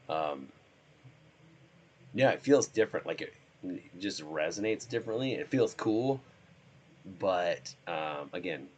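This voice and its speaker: A hoarse man, sick, chatting casually and rambling as he streams himself playing a drone simulator. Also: sits low, expressive, a little slow, pauses often, a little mellow. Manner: rambling, trails off.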